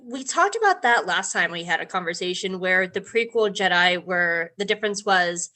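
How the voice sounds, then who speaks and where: A woman's voice: on the low side, lively intonation, normal speed, bright, forceful tone. A woman talking earnestly and emotionally as a guest in a casual podcast discussion.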